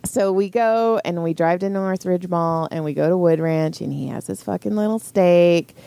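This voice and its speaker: A podcast co-host with a low, gravelly voice tells a story at a moderate pace in casual chat. She's an animated storyteller who acts out the quotes and swears freely.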